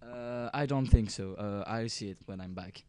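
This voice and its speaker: A man's voice: lowish voice, normal speed, warm tone. A young man helping at a draw, joking in an offhand way. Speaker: tournament organizer.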